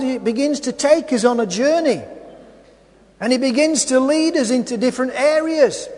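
A man with a very high voice preaches at an unhurried, deliberate pace. He keeps repeating his phrases and putting questions to the congregation. The sound rings with the long reverb of a large hall. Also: darkish tone. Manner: repetitive, asks the congregation rhetorical questions. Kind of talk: sermon.

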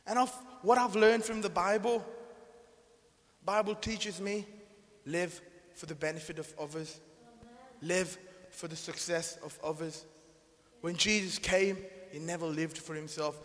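A man preaching a sermon, swinging from loud proclaiming to hushed, quiet lines. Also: sits high, fairly even intonation, measured pace, pauses often. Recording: echoey hall.

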